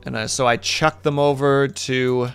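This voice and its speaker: A man's voice: mid-range voice, flat delivery, a little slow, a bit bright, smooth, soft background music. A man streaming live, chatting casually and rambling with his viewers in a self-deprecating way.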